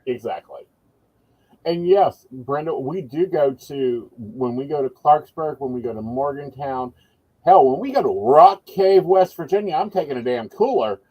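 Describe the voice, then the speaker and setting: A man's voice: on the high side, animated, normal speed, muffled recording. A man co-hosting a casual chat, making wry, dry asides. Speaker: podcast co-host, psychic.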